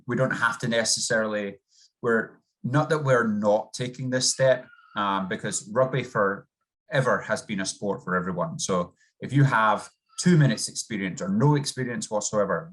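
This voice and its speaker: Guy with a faint scottish accent, low voice, upbeat coach talk over a video call. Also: a bit bright. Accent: subtle Scottish. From Scotland. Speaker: rugby coach. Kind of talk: interview guest.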